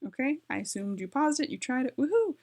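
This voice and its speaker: A woman's voice: sits high, very animated, fairly quick, a little mellow. A woman giving a casual home tutorial, chatty and correcting herself as she types, with her dog nearby. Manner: chatty, self-correcting, talks while typing. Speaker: language learning vlogger.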